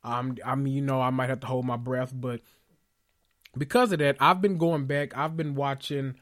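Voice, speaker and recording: A young man hosting a podcast, rambling in an excitable, gushing way and swearing freely as he corrects himself mid-thought. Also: mid-range voice, normal speed. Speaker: podcast host. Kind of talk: casual podcast rant.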